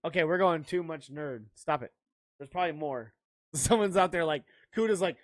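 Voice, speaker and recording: A man's voice: on the high side, animated, moderate pace, no echo. Laughing, rambling podcast guy. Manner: rambling, laughing, profane banter. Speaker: podcast co-host. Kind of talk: casual podcast chat.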